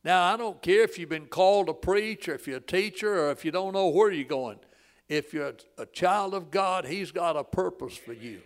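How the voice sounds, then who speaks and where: A man, preaching a sermon in a folksy storytelling way that swells loud and drops to a hush. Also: high voice, normal speed. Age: 80s.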